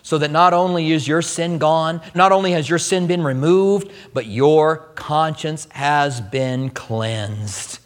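A male pastor preaching a sermon to a congregation, emphatic, swinging his pitch and pace and repeating phrases for emphasis. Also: slow pace, hardly any pauses. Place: church sanctuary before a congregation. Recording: sermon with long hall reverb.

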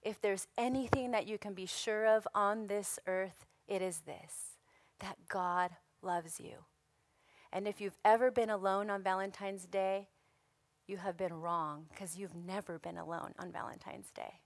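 A hoarse woman delivers a sermon in an unhurried, deliberate way. Her preaching is earnest and emphatic, and she leans on repeated phrases. The sound is dry and close. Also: mid-range voice, steady tone, no echo. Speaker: women's ministry speaker.

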